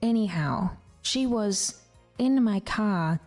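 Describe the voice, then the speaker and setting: A woman's voice: mid-range voice, expressive, slow, soft background music. A woman chatting casually on a stream, rambling and sometimes dropping into a whisper. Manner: rambling, slips into hushed whispers.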